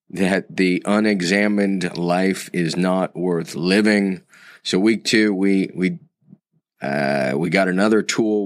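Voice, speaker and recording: A man leading a recorded course lesson, unhurried and reflective, fond of quotes and word origins. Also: deep voice, no room sound, studio quality. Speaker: course instructor.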